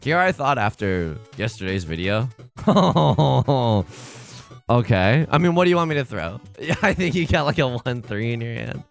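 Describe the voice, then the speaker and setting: A man's voice: mid-range voice, very animated, measured pace, creaky, soft background music. A man hosting a let's play, giving casual, rambling, self-deprecating commentary while he plays.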